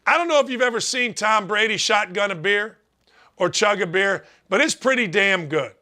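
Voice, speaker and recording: Male sports talk host, high lively voice, emphatic, folksy. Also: moderate pace.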